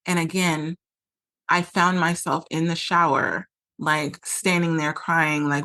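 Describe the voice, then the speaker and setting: A woman's voice: low voice, steady tone, a little slow, pushed and bright. A woman podcast host telling a personal story in a candid, emotional way, with lots of "like" fillers. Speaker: podcast host and relationship coach.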